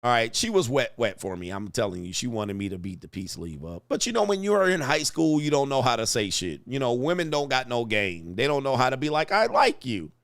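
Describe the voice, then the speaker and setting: A man telling a rambling high school story in casual commentary, swearing, laughing often and acting out what people said. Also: a little fast, hardly any pauses, clear, resonant tone, dry recording. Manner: animated, profane, laughs often, acts out quotes. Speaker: commentary streamer.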